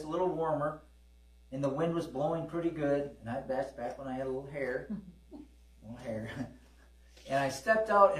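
A middle-aged man preaching a sermon in a conversational way, calling for amens and acting out dialogue in his stories. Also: a little high. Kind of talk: sermon with storytelling. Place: church service. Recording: roomy, distant from the mic.

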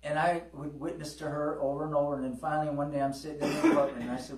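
A man's voice: fairly high pitch, flat delivery, very fast, few pauses, over a noisy crowd. A middle-aged man preaching and telling personal testimony stories, calling for amens from his congregation. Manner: folksy storytelling, call-and-response with the congregation. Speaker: pastor. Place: church hall. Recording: roomy hall, distant mic, mains hum.

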